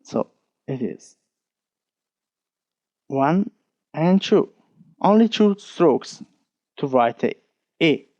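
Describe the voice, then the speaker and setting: A man with an Italian accent, teaching an online lesson, talking slowly and patiently and counting strokes aloud. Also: on the high side, lively intonation, darkish tone, dry recording, dull audio. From Italy. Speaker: language teacher.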